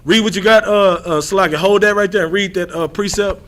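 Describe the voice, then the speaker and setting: High bright-voiced guy teaching bible, loud and repetitive, bossing readers around. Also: fairly even intonation, a little fast. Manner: emphatic, repetitive, calls on readers by title. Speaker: scripture teacher. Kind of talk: informal street-style Bible lesson.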